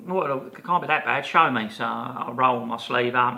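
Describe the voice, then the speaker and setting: Gravelly, bright-voiced man telling stories. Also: mid-range voice, normal speed. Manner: lively anecdote-telling, acting out the people he quotes. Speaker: podcast co-host. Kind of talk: casual storytelling chat.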